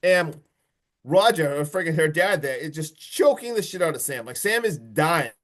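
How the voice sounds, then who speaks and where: A man casually recapping a horror movie on a podcast, excitable and profane, often laughing. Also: a little high, moderate pace. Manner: excitable, profane, recounts plot with swearing and laughs. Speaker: podcast host. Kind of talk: casual movie review chat.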